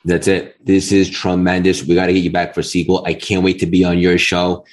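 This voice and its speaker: A man's voice: low voice, monotone, fairly quick. A man with a strong New York accent, hosting a podcast interview with brief, enthusiastic replies. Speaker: podcast host. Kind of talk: interview conversation.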